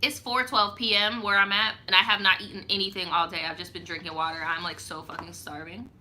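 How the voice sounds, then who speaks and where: A woman's voice: medium pitch, flat delivery, a little fast, sharp tone, a little hiss or hum. A young woman hosting a casual live stream, reading viewer stories aloud and reacting to them in slang. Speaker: storytime YouTuber.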